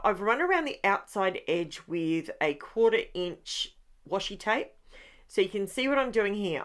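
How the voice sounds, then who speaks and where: A woman, talking casually and sleepily over a craft process video, rambling and correcting herself as she goes. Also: fairly low pitch. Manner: chatty and rambling, corrects herself mid-sentence. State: sleepy, yawning. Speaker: craft channel host.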